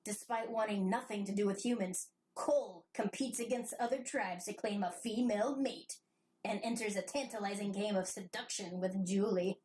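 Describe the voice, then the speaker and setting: A woman's voice: mid-range voice, moderate pace, a little mellow, slight background noise. A woman hosting a casual podcast chat who reads book blurbs aloud with playful emphasis and frequent giggles. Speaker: podcast host.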